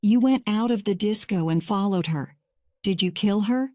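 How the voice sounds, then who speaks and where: A woman voicing a calm male lawyer questioning a witness, read slowly and evenly. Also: medium pitch, dry recording, studio quality, natural voice. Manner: measured, slow graded-reader delivery.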